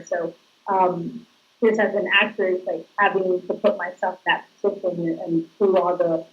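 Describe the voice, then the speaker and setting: A woman's voice: fairly low pitch, phone-quality sound. A woman actress giving casual, chatty interview answers, laughing as she tells stories. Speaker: actress guest.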